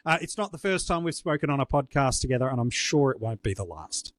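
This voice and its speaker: A man's voice: medium pitch, animated, fast talker, fairly bright tone, no room sound, studio quality. A man with an Australian accent hosting a podcast, talking in an upbeat, chatty way. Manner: upbeat, chatty sign-off patter. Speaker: podcast host.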